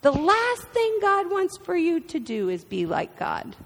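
A woman's voice: very high-pitched, wildly swooping pitch, unhurried, creaky, fairly bright tone, pitched above the performer's own voice, full character voice. A woman voicing a sly serpent, needling and insistent. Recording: reverberant hall.

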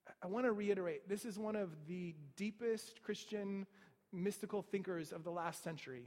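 A man's voice: high-pitched, long reverb tail. A man preaching a sermon in a conversational way, with rhetorical asides to the listeners.

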